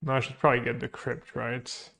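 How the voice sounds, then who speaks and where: A man's voice: mid-range voice, little pitch movement, fairly quick, gravelly. Guy talking through his card game plays, kinda mumbly, trails off, jokes around with chat. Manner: muttering, trailing off quietly; joking banter with chat. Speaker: streamer playing a card game. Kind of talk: thinking aloud while playing.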